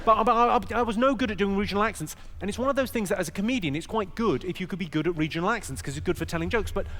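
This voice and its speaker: A man doing a stand-up comedy set on stage, teasing the audience with quick crowd work. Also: high-pitched. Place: large comedy venue on stage. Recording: roomy hall with loud crowd noise.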